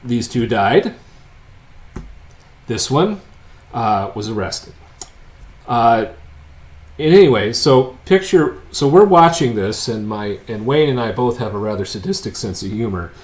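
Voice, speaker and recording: Delivering a physics lecture in a casual, joking way, a man tells a story full of wry asides before working through a problem, swinging between loud remarks and low ones. He's an unseen lecturer heard over board work, animated, measured in pace, and pausing often.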